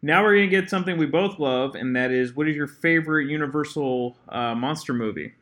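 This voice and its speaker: Podcast host asking movie questions. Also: male voice, fairly high pitch, a little fast, a bit bright. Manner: brief agreeing replies and quiz questions. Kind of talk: casual interview chat.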